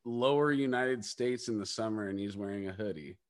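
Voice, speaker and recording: A man's voice: on the low side, a little fast. A man chatting casually as a former tourmate, laid-back and saying "dude" a lot. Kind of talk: casual chat.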